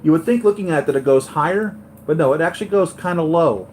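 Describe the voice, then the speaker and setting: A man hosting a live toy unboxing, gushing and excitable, often repeating himself. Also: fairly high pitch, fast talker, a little hiss or hum. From United States. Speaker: toy collector vlogger.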